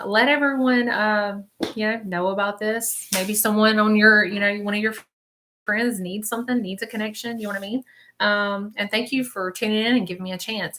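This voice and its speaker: A woman with a sharp, medium-pitched voice gives a live stream psychic reading as a spiritual medium. She talks freely, repeats phrases, relays messages in quoted form, and reassures her viewers, regularly asking "okay?".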